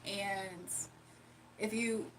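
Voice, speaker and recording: A woman's voice: mid-range voice, steady tone, extremely slow, background noise. A woman hosting a casual livestream from home, reading and answering viewers' chat with frequent laughs. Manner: chatty, laughs often, answers viewers directly. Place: home, early morning.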